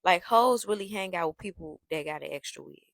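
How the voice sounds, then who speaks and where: A young adult woman telling a story in a brash, profane, animated gossip style. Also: fairly low pitch, fairly quick, gravelly, no room sound. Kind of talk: casual storytime monologue.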